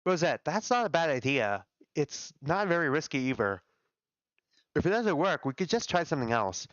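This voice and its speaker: A man's voice: a little high, very animated, fairly bright tone, dry recording. A man reading as a frightened, guilt-ridden young staffer. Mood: thoughtful. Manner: hesitant, halting. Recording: dull lo-fi dry audio.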